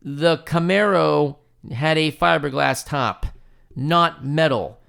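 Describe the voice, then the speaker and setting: A man hosting a podcast, telling a story in a casual, profane, animated way and laughing often. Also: on the high side, takes it slowly, vocal fry. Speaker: podcast host.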